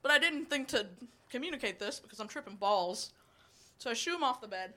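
A woman's voice: fairly high pitch, expressive, brisk, sharp tone, slight background noise. A woman in her twenties performing a stand-up comedy set, telling blunt, profane stories, chuckling between lines and rambling with fillers when she loses her place.

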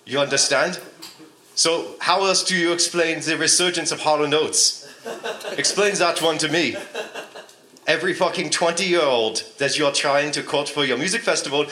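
A pompous, mock-serious revolutionary with a thick put-on German accent, done by a man, preaching at a festival crowd. The tone is bright and edgy, and the sound bounces around a roomy live space. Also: fairly high pitch. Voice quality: pompous, deadpan mock-lecturing. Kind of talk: improv comedy character bit. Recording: echoey live room.

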